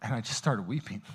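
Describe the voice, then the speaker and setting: A man preaching a sermon, casual and storytelling, swinging between loud, high passages and quiet, intimate asides. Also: husky. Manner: casual, storytelling, many fillers and restarts. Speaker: pastor. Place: church auditorium.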